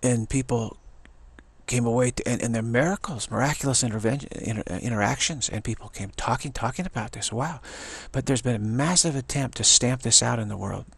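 A man in his sixties giving a rambling spiritual talk as a teacher, halting and often repeating words and restarting his sentences. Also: mid-range voice, creaky, breathy edge, no echo. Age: 60s.

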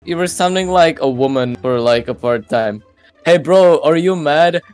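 A man on voice chat asking a gaming friend slow, teasing questions. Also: a little high, darkish tone. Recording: echoey with long reverb.

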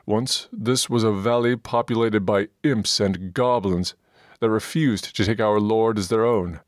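A man voicing a gruff, bullying male dwarf priest in an audiobook, scornful and pompous. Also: lowish voice, unhurried, no room sound, clean studio sound, voice pushed up, close to an everyday voice.

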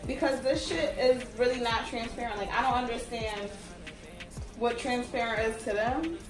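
A young woman with a fairly high voice gives a blunt, cuss-heavy review, venting her frustration in a casual ramble. She sounds set back from the mic in an echoey room, with music playing clearly behind her. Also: moderate pace, distant mic. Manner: blunt, profane, exasperated complaining. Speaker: wig reviewer.

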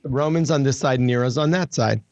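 A man's voice: mid-range voice, brisk, darkish tone, dry recording. A man in his seventies chatting as a guest, laughing easily and restarting his sentences. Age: 70s. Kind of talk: casual chat.

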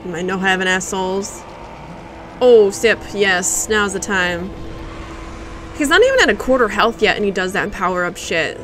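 A woman's voice: medium pitch, animated, normal speed, a bit bright, slight background noise. A woman streamer giving live gameplay commentary, profane and exclaiming, talking back at a boss.

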